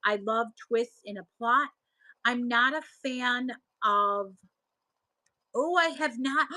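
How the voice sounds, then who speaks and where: Chatty Buffalo-accented woman, bright-pitched. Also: no room sound, poor audio. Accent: Buffalo, New York. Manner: chatty, reads viewer comments aloud and answers them; rambling, often trails off and restarts. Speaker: livestream seller host. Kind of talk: casual live-stream chat with viewers.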